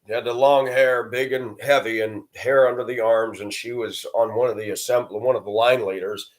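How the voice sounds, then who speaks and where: A man's voice: mid-range voice, fairly even intonation, moderate pace. A man talking to the camera in a rambling personal monologue, blunt and sometimes crude. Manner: rambling, blunt, with coarse language. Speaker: vlogger.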